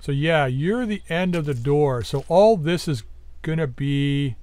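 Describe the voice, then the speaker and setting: A man giving casual gameplay commentary, thinking aloud as he plans, his voice going a bit hoarse. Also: fairly high pitch, animated, unhurried, a little mellow, dry recording. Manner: thinking aloud, musing and planning.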